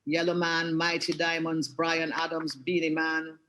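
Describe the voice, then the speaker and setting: Her voice is low, a bit bright and totally flat, and she takes her time, though the audio is poor. A Jamaican woman in her sixties and an art director, she chats through anecdotes on a webinar video call, frequently restarting what she says.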